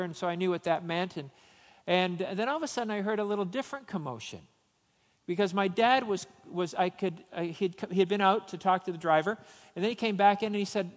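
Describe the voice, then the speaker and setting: A man's voice: sits high, fairly quick, big-room sound. A man preaching a sermon, telling a personal story and then urging his listeners with rising emphasis. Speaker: pastor.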